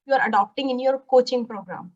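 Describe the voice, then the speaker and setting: A woman hosting an online interview and asking questions, with frequent soft hums of agreement. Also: a little high, fast, distant mic, highs cut off. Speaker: summit host and interviewer.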